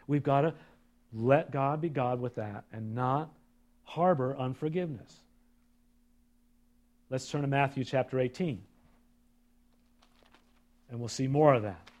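This pastor reads scripture with loud emphasis, then drops to quiet asides for the congregation. He speaks a little slowly and leaves long pauses.

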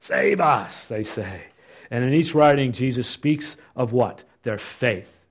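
A man leading a Bible study, reading scripture and reflecting on it in an expressive, thoughtful way. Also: medium pitch, unhurried. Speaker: Bible teacher.

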